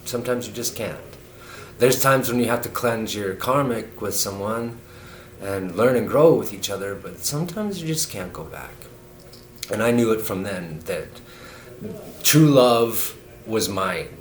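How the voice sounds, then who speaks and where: A man's voice: fairly low pitch, animated, unhurried. A man in his thirties talking in a rambling, earnest spiritual monologue, full of restarts and fillers. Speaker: vlogger. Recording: echoey room with faint noise.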